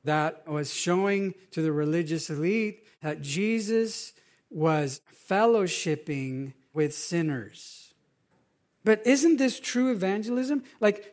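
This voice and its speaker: Male pastor, middle-aged, high-pitched voice, animated conversational preaching style. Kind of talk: sermon.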